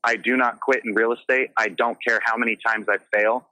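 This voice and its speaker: A man speaks with a bright, forceful tone. He tells his stories earnestly and passionately. The recording is dry and close to the mic. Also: medium pitch, flat delivery, fairly quick, dry recording, rough recording. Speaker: guest, realtor. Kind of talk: casual interview talk.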